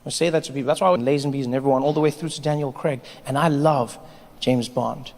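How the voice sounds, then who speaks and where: A male stand-up comedian telling an animated, playful story to a live audience on a large theater stage. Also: mid-range voice, quick pace, big-room sound. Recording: live theater, crowd laughter.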